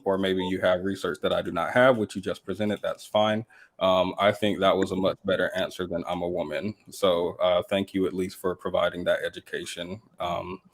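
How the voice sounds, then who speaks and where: A man with a deep, low voice moderates a live-stream panel discussion. He talks in a measured, courteous way and fills his pauses with hesitant ums while he keeps the conversation moving.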